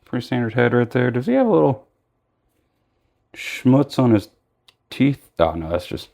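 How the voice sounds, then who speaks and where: A man's voice: medium pitch, big pitch swings, moderate pace, creaky, warm tone. A tired man chatting casually through a toy unboxing, rambling with lots of fillers and self-corrections. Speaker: toy reviewer.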